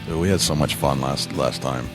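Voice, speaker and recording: A man with a very deep, low voice hosts a casual podcast from a home studio. He rambles easily, restarting his sentences as he chats, and faint music plays underneath. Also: normal speed. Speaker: podcast host.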